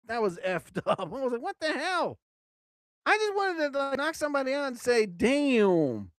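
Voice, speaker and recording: A man hosting his own live show, rambling casually and exclaiming loudly as he talks. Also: extremely high pitch, very animated, normal speed, no room sound, studio quality. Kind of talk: casual live-stream monologue.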